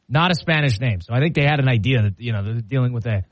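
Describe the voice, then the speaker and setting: A man's voice: medium pitch, fast talker, hardly any pauses, no echo. A man hosting a show, telling a self-mocking story in casual on-air banter and laughing often. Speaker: radio show host.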